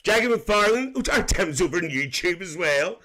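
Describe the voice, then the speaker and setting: A man's voice: high voice, animated, moderate pace, crowd noise. A man voicing a cheeky, gossipy middle-aged Northern Irish aunty who chats with live-stream viewers and calls them dear. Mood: chatty. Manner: chatty, calls everyone dear, laughs often. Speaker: livestream host.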